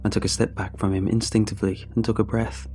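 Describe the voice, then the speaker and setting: A man narrating a first-person horror story in a steady, measured telling. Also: fairly low pitch. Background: faint music.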